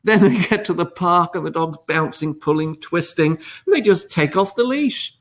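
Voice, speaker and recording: An older man teaching dog training in a live class, excitable and jumping into character voices for dogs and owners. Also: a little high, normal speed. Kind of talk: animated live web class talk.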